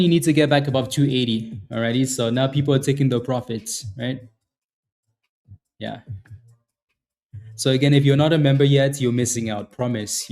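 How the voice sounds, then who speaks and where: A man with a dark, mellow voice hosts a live trading stream. He talks casually and keeps repeating himself to drive a point home. He calls out chat viewers by name. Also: medium pitch. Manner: repetitive, hyped, chatty, addresses viewers by name. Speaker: day-trading livestream host.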